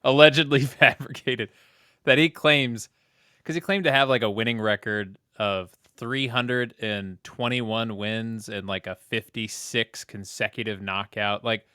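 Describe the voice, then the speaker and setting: A man's voice: mid-range voice, steady tone, unhurried, sharp tone, clear, resonant tone, no echo, studio quality. Easygoing young man co-hosting. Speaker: co-host. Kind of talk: casual chat reviewing a movie.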